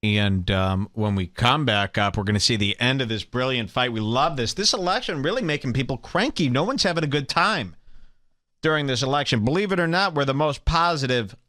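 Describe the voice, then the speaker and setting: Sarcastic male host with a bright voice. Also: expressive, brisk, no echo, clean studio sound. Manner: sarcastic, salesman-like pitch. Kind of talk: mock-promotional live stream commentary.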